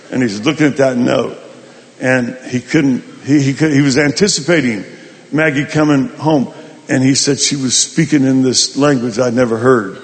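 A male pastor telling a folksy, animated story in a sermon. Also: medium pitch, long reverb tail. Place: large hall at a summit.

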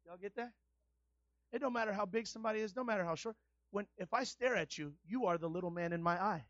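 A man pastor preaching a sermon in a colloquial style, rising to loud shouted refrains. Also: sits high, fast, no echo, dull audio.

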